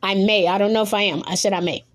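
A woman's voice: medium pitch, steady tone. A woman hosting her own podcast in casual solo chat, rambling and correcting herself, a little nervous. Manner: rambling, self-correcting, hurried plugs. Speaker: podcast host.

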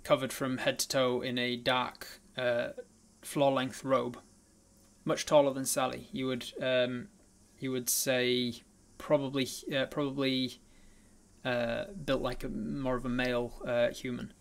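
A man's voice: mid-range voice, flat delivery, a little slow. Man narrating as game master. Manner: descriptive narration with frequent ums and uhs. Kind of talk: narrating a tabletop game livestream.

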